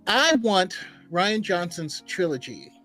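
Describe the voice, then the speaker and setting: A man's voice: sits high, very animated, pushed and bright, soft background music. A man co-hosting a fan podcast in casual chat, playful and jokey. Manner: playful, jokey, slow-talking. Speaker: podcast co-host.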